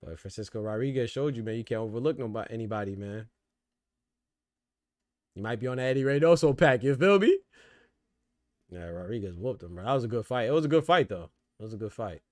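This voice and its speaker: A man's voice: lowish voice, brisk, pauses often, darkish tone, no room sound, clean studio sound. Slangy male boxing podcast host. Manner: loose slangy talk, laughs hard at jokes. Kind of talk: casual live commentary.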